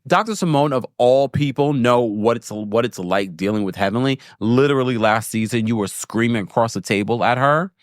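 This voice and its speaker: A man hosting a casual recap show, chatty and animated, laughing and correcting himself as he talks. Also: mid-range voice, fairly quick, few pauses, no echo, clean studio sound. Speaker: show host recapping a reality series. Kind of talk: casual live recap chat.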